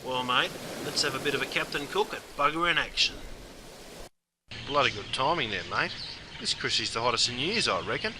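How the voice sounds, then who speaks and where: A man's voice: medium pitch, lively intonation, moderate pace, noisy background, natural voice. A man voicing a cheeky knockabout Australian bloke, talking in a broad, slangy Australian drawl with "mate" at every turn. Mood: larrikin banter. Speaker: slang explainer.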